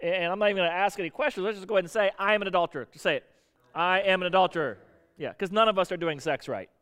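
A man's voice: high-pitched, rapid-fire, a bit bright, clean tone. A man preaching a sermon as pastor, talking conversationally and joking, with frequent restarts. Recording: long reverb of a church hall.

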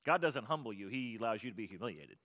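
A man preaching a sermon as pastor, swinging from loud, impassioned pleading to quiet explanation. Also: fairly low pitch, lively intonation, quick pace.

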